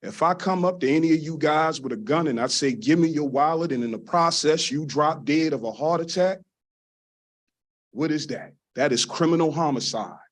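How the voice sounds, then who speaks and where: A man speaking at a council meeting's public comment, earnest and deliberate, giving a warning at a podium microphone. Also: fairly high pitch.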